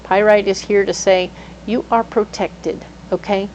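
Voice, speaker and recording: Chatty tarot lady, bouncy and playful, middle pitch, bit of hum in the background. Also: unhurried, muffled recording. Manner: animated, playful, with sudden exclamations. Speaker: tarot reader. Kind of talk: casual tarot reading.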